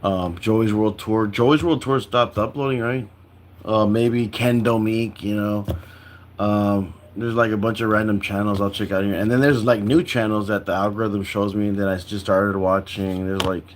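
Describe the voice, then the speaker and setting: A man's voice: lowish voice, fairly even intonation, normal speed. Tired, rambling young man on a stream. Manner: rambling, full of "like" and restarts. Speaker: livestreamer. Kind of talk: casual rambling livestream chat.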